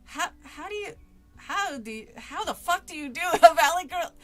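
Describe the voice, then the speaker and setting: A woman's voice: very high voice, lively intonation, moderate pace, faint music behind. A woman streamer reading a spooky book aloud with casual asides to chat, laughing often and swearing freely.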